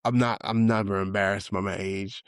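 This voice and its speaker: A man's voice: normal speed, smooth, no room sound. Dry-voiced New York man telling stories. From Brooklyn, New York. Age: 40s. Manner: loose, conversational, acts out quotes with excited higher voice. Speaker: podcast host. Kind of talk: reflective casual storytelling.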